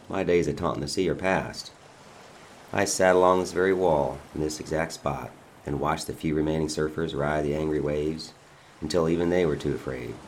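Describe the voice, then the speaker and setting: A man reading a dramatic monologue as a father who calmly taunts a bound governor, his manner quiet, mocking and menacing. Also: rumbling low, a little hiss or hum.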